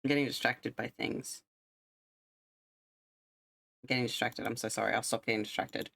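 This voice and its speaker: A woman's voice: extremely low pitch, fairly even intonation, moderate pace, gravelly, fairly bright tone. A young woman streamer chatting casually with her viewers, rambling and self-deprecating. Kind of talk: casual livestream chat.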